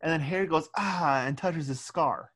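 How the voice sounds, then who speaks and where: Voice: mid-range voice, a little fast, fairly bright tone. A podcast co-host in casual chat, talkative, walking through scenes with frequent restarts.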